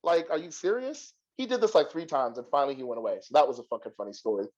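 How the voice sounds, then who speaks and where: A young adult man hosting a podcast and telling a long story in a profane, animated way, laughing often. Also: medium pitch, racing, muffled recording. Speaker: podcast host. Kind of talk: casual storytelling.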